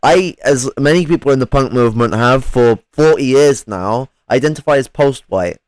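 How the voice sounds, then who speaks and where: A man's voice: medium pitch, moderate pace, a little mellow, dry recording, low-quality recording. A man in casual chat, rambling, swearing freely and laughing often. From English Midlands.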